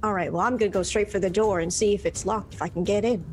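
A woman's voice: mid-range voice, fairly even intonation, fast talker, faint music behind. A woman playing a tabletop game, speaking casually and playfully in character. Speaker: player.

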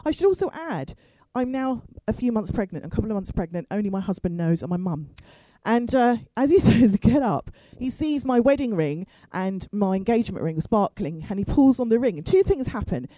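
Animated woman telling a comic story. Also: medium pitch, fairly quick, hardly any pauses, dry recording, low-quality recording. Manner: chatty, self-mocking, animated, with asides to the crowd. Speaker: storyteller on stage.

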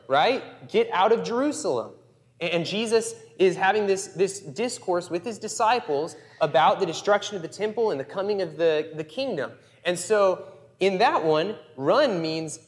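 A man with a slightly high voice preaches in a relaxed, chatty way and leans hard on his key points. His words ring out with a long reverb tail, as in a church sanctuary. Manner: conversational, emphatic preaching. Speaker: pastor. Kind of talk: sermon.

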